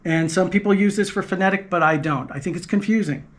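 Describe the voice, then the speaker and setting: A man's voice: high voice, fast talker, a bit bright. A man giving a patient, explanatory language lesson, repeating key points and demonstrating sounds aloud. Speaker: language teacher.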